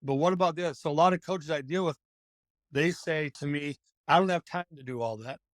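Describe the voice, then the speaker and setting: A man hosting a podcast who asks rambling questions full of fillers. His voice sits a little high for a man. The sound is close and dry. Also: fairly quick, no echo. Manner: loose, filler-heavy questioning. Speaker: podcast host, coach trainer. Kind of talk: casual podcast interview.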